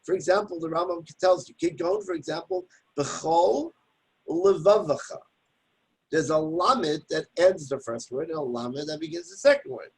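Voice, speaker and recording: A very animated Torah teacher speaks at normal speed, his voice on the high side, creaky and slightly rough, in poor audio. He reads Hebrew passages for a daily study lesson, explains them plainly in English, and demonstrates pronunciation aloud with examples.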